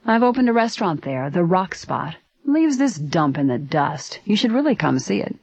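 A woman voicing a smooth-talking middle-aged Southern gentleman in a story reading. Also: lowish voice, very animated, normal speed, no echo, lo-fi sound, exaggerated voice. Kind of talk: storybook character voice.

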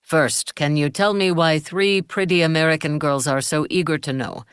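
A man's voice: on the high side, fairly even intonation, moderate pace, a bit bright, smooth, no echo, clean studio sound, lightly acted. A woman voicing a confident young male lifeguard in an audiobook. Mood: coaxing. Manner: assured, a little guarded.

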